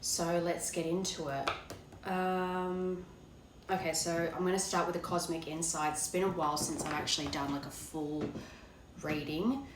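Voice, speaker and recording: Hoarse low-voiced woman reading tarot. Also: fairly even intonation, moderate pace, roomy sound, background noise. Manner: rambling, hesitant, many fillers. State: hoarse, voice cracking from illness. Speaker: tarot card reader. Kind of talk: casual tarot reading to camera.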